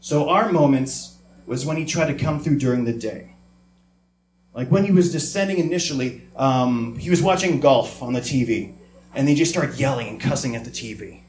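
A man's voice: medium pitch, normal speed, a little mellow, echoey room, a little hiss or hum. A man telling a comic family story on stage before a live audience, acting out family voices.

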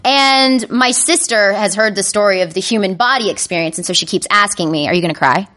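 A woman telling a comedic personal story to a live audience, animated and self-mocking. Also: medium pitch, fairly quick, a little hiss or hum. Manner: animated, self-mocking, breaks into panicked inner voices.

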